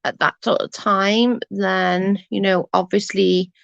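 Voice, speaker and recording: Reading comments on her livestream, a woman from England with an English accent chats casually, blunt and full of swearing. Her mid-range voice is slow, steady, creaky and fairly bright. The recording is dry, the dull lo-fi sound of a stream.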